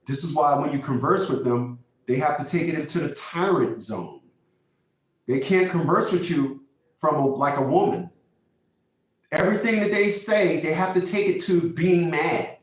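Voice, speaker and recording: Preachy high-voiced man in an echoey room. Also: distant mic. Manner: preachy, repetitive, emphatic. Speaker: channel host giving relationship advice. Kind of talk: casual monologue.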